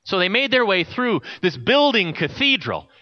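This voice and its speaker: A male pastor preaching with lively, wide-ranging pitch, a storyteller who leans into every turn of the tale. His voice sits a bit high for a man, and the recording is dull and lo-fi. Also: normal speed. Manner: expressive storyteller, softening to a quiet close. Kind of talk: sermon.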